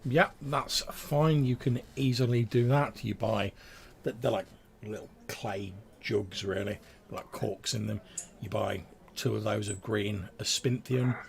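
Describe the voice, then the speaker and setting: Gravelly game master. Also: male voice, lowish voice, measured pace, a little hiss or hum. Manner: loose, filler-heavy narration. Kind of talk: narrating a tabletop game.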